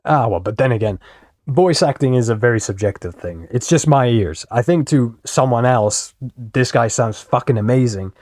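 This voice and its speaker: A man's voice: mid-range voice, normal speed, darkish tone. A young man casually rambling and swearing while commenting on videos as a streamer. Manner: rambling, swears freely, self-deprecating.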